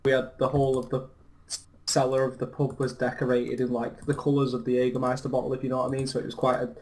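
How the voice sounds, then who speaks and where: A man's voice: mid-range voice, completely flat delivery, fast, a little mellow, a little hiss or hum. A young man telling stories in a sweary, laddish way during casual gaming commentary. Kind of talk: casual chat.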